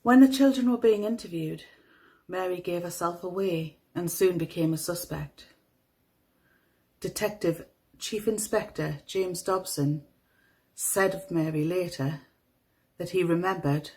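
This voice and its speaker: A woman with a toned-down Northeast English accent narrating a true crime story in a measured, somber manner. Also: lowish voice, darkish tone, poor audio. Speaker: podcast host.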